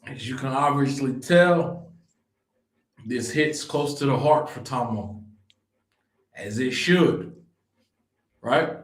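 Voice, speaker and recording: Slow-talking host in an echoey room. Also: male voice, mid-range voice. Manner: tags lines with "okay?", steady plug reading. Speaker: podcast host. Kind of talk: casual interview and show promo.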